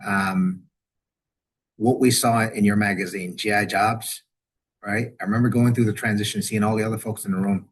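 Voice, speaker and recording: The speaker, a middle-aged man heading a university's veterans office, talks at a moderate pace in a lowish, breathy-edged voice as a webinar guest on a video call. His conversational interview style is rambling, full of restarts and repeated words, and animated during quotes.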